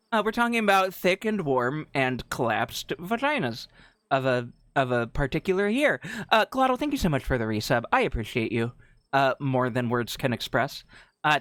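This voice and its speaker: A man's voice: fairly high pitch, a bit bright, no room sound. A man live-streaming a game to his chat, giggly and rambling as he reads lines aloud.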